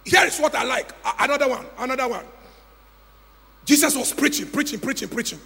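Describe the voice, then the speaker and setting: Pastor, high gravelly voice, dramatic sermon storytelling in an echoey church hall. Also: male voice, expressive, fairly quick. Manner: dramatic storytelling, swinging from hushed to shouting.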